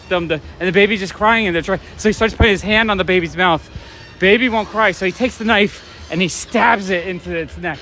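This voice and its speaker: Out on a night-time city street, a man hosts a live stream through a handheld phone or camera while walking. His voice is high, bright and forceful at a normal pace, with slight background noise, and his enthusiastic, casual chat rambles with plenty of fillers and restarts.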